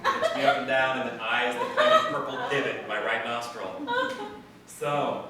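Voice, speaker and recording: A man performing live spoken word storytelling at a party, with a wry, drawn-out delivery and dramatic pauses. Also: medium pitch, huge pitch swings, a crowd in the background. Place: party venue, indoors. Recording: echoey room from far off with audience laughter.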